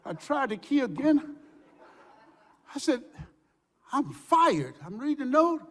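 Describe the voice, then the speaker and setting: An older man giving a motivational speech, telling stories with shouts and laughter. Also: very high-pitched, normal speed. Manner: animated storytelling with shouts and laughs. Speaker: motivational speaker. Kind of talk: motivational speech to a live audience. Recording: hall reverb.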